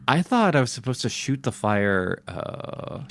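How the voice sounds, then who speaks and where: In an unhurried mid-range voice with some vocal fry, a man streams a video game live against slight background noise. He gives animated commentary, chatting with his viewers and joking about his own mistakes.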